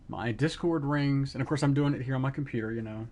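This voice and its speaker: A middle-aged man streaming live, telling an excited story in casual chat and acting out the quotes. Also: mid-range voice, brisk, few pauses.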